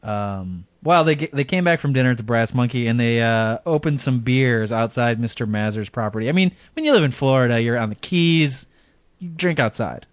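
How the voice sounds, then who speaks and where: A man's voice: mid-range voice, normal speed, no room sound. A man co-hosting a podcast in casual chat, rambling through a story and chuckling often. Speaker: podcast co-host.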